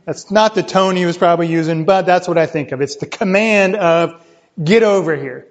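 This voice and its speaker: A man preaching a sermon, explaining scripture and often checking in with "right?", climbing higher when he stresses a point. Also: a little fast. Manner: teaching, often checks with "right?", rises in pitch for emphasis. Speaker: pastor. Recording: dull lo-fi sound.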